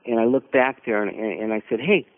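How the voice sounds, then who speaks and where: A man telling a personal story as a guest on a radio conversation, halting and repeating words as he searches for them. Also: medium pitch. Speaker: mission team leader, radio guest. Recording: narrow phone-like radio audio.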